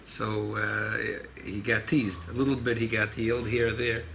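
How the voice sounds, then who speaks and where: Rabbi leading a class, gravelly voice with a bright edge, animated storyteller, faint hiss behind. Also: male voice, lowish voice, normal speed. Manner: animated storyteller, mixing Hebrew and Yiddish terms. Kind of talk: informal Torah class with storytelling.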